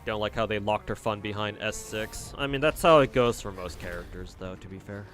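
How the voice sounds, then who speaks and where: A man with a somewhat low voice talks through a game stream in a loose, rambling way, answering chat bluntly and swearing without a second thought. Faint game music sits quietly underneath his voice. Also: brisk. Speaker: livestreamer. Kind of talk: casual commentary while playing and reading chat.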